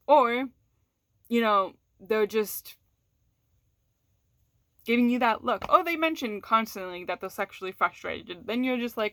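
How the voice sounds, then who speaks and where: A woman's voice: on the high side, a little slow, pauses often, fairly bright tone, no echo, studio quality. A woman vlogger in a candid, casual chat with her audience. She is frank and swears freely, restarts her sentences often and laughs between words.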